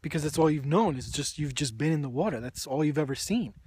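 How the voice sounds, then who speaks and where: A man's voice: on the high side, expressive, fast talker, darkish tone, husky. A man giving an earnest, preachy opinion monologue to camera, often restarting his sentences. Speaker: vegan video blogger and author.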